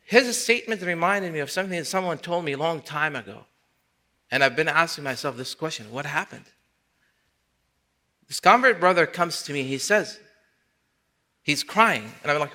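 A man's voice: fairly high pitch, animated, moderate pace, long pauses, pushed and bright. A man preaching a mosque sermon, impassioned and building to emphatic peaks, weaving in recited Quranic Arabic. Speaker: imam.

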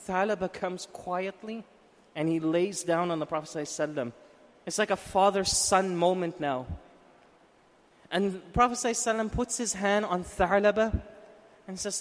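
A man preaching, telling a story with animated questions to his audience. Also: high-pitched, brisk. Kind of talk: storytelling sermon. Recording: long reverb in a hall.

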